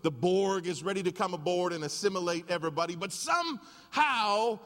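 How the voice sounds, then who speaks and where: A male pastor preaching a sermon and telling a story with lively energy. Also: high-pitched, normal speed. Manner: animated storytelling. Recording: long reverb of a large hall.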